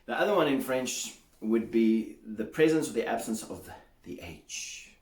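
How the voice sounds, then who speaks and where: A man's voice: mid-range voice, expressive, unhurried, roomy sound. A man, an English teacher, giving a pronunciation lesson and drilling sounds aloud by repeating them.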